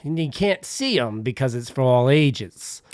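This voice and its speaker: A man doing an impression of a cigar-chomping Hollywood director eagerly pitching a movie idea. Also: expressive, unhurried, a little mellow, no echo, studio quality, natural voice.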